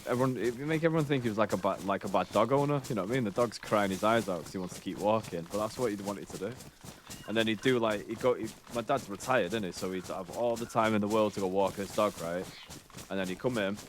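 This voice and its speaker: A man's voice: fairly low pitch, quick pace, a little hiss or hum. A man in his thirties chatting casually while streaming a game, rambling and swearing as he tells stories. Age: 30s. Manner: rambling, sweary, laid-back storytelling. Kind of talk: casual chat while gaming.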